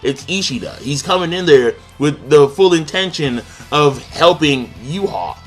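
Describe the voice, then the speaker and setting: A young man giving a live, excitable reaction to a manga chapter, joking and swearing as he reads. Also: a little high, a little slow, soft background music. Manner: excitable, profane, jokey.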